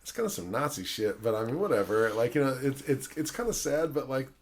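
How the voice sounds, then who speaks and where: A man's voice: medium pitch, brisk, slight background noise. A man hosting a podcast, chatting casually about a film, rambling with many fillers and frequent swearing. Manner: acts out quotes in animated voices. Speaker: podcast host.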